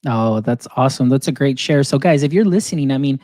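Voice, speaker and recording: Encouraging male podcast host, mellow tone. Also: mid-range voice, expressive, quick pace, dry recording. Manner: encouraging, laughs often, loose with fillers. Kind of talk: casual video-call interview. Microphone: video call.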